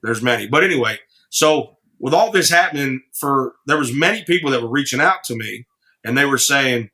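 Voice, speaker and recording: Bright-voiced man telling stories. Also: medium pitch, a little fast. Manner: rambling, frequent restarts, laughs easily. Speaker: podcast guest, singer-songwriter. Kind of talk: casual storytelling.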